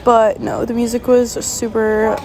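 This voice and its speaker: A woman's voice: a little high, little pitch movement, unhurried, crowd noise. Chatty young American woman vlogging. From United States. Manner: chatty, many filler likes. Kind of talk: casual travel vlog.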